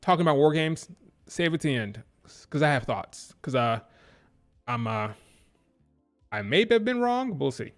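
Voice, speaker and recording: A man's voice: a little high, moderate pace, pauses often, faint music behind. Opinionated man reviewing wrestling on a stream. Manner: animated, opinionated, repeats himself for emphasis. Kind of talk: live-stream commentary.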